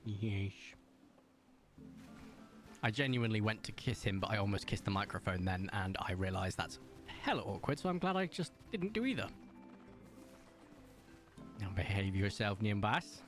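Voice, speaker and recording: A man's voice: fairly low pitch, animated, normal speed, long pauses, faint music behind. A man of about thirty, chatting on a gaming stream at his home desk and talking to his cat in a coaxing voice. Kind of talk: casual gaming stream chat. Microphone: desk microphone.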